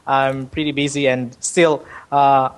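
A man's voice: mid-range voice, little pitch movement, unhurried, clear, resonant tone. Hesitant, friendly podcast guest man. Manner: hesitant, many restarts and uh, friendly. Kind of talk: casual chat.

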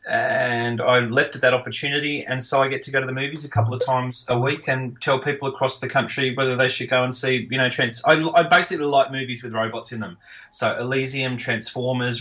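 Bright-voiced Australian man chatting. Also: mid-range voice, fairly even intonation, a little fast, poor audio. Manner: chatty, joking, many fillers. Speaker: guest film reviewer. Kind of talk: casual podcast chat.

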